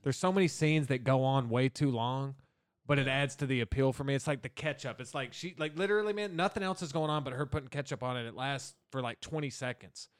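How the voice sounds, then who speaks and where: A man's voice: mid-range voice, fairly quick. A man co-hosting a casual movie podcast in a jokey way, laughing often and slipping into silly character voices. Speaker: podcast co-host. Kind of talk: casual movie-review chat.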